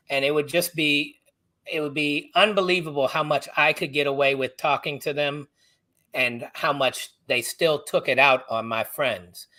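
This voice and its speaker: A middle-aged man, an author from the United States, guest on a podcast, telling personal stories in an animated, halting way. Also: a little high. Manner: animated, halting, acts out others' voices. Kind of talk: personal storytelling in a podcast interview.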